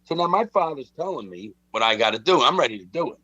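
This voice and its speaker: A man's voice: mid-range voice, lively intonation, fast talker, pushed and bright, breathy edge, dry recording. A middle-aged man tells a story in loose, casual chat. He talks with animation and acts out the voices in his tale. The recording is dry and a little dull. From Philadelphia. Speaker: guest storyteller.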